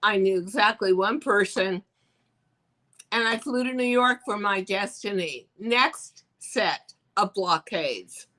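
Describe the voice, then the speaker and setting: An older woman with a bright, clear voice recounts her career as a guest on an interview show. She tells it with animation and briefly acts out the voices of the people in her story. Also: medium pitch, takes it slowly, low-quality recording. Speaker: fashion designer guest.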